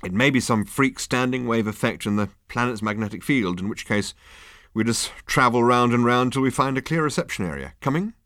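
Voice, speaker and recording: A man doing a brisk, exasperated traveller. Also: mid-range voice, a bit bright, dry recording, clean studio sound, voice pushed up, natural voice. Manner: brisk, exasperated, matter-of-fact. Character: Ford, restless male alien traveller.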